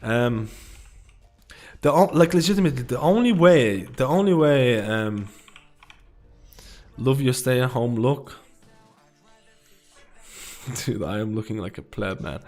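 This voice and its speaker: A man's voice: mid-range voice, slow pace, pauses often, darkish tone, soft background music. A man livestreaming a game, giving rambling, repetitive advice in casual talk, swearing and saying "dude" and "man" a lot. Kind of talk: casual gaming commentary.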